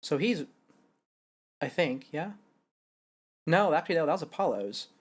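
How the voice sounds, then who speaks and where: A man's voice: fairly high pitch, animated, unhurried, breathy edge. A young man streaming a game live, musing to himself and correcting himself as he works out character voices. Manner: musing, self-correcting, thinking aloud.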